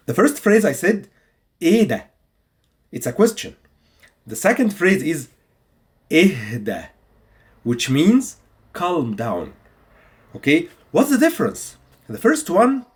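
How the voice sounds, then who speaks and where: Male language teacher, husky voice with lively pitch swings, patient and instructive. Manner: repeats example phrases slowly for learners. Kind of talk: video language lesson.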